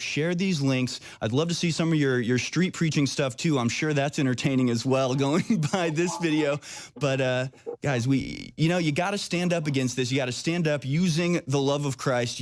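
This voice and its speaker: A man's voice: dry recording, clean studio sound. A man hosting an interview show, talking casually and acting out other people's voices as he goes. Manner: animated, mimics people in high voices. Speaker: show host.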